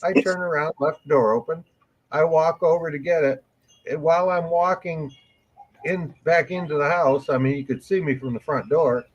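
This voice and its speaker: A high-pitched man spins a long, rambling story on a casual live morning stream, crude and laughing as he goes. The audio is dull and lo-fi, like a cheap streaming setup. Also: normal speed. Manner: rambling, laughs through anecdotes, crude humor. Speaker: morning show co-host.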